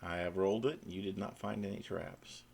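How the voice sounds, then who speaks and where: A man's voice: deep voice, fairly even intonation, moderate pace, creaky, crowd noise. A man with a Midwestern accent running an online tabletop game as game master, describing scenes with frequent restarts and fillers. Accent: Midwestern American.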